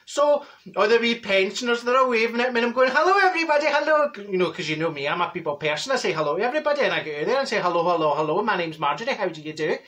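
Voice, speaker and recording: Rapid-fire and barely pausing, a man's high-pitched, slightly bright voice carries lively intonation. In this comedy monologue he portrays a gossipy, bossy, straight-talking woman from Glasgow with a Glaswegian accent, telling a funny story and mimicking others.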